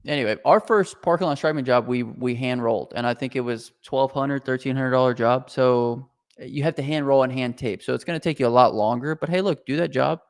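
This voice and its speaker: A man hosting a casual business Q&A podcast, talking in an animated, joking way with quick asides and restarts. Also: mid-range voice. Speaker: podcast host.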